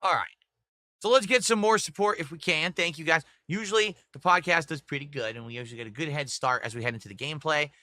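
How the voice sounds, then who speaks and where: Talking fast in a fairly high, sharp voice, a middle-aged man hosts a livestream and chats casually. He rambles, addresses his chat, and reads aloud his viewers' messages and tips, in studio-quality audio with no room sound.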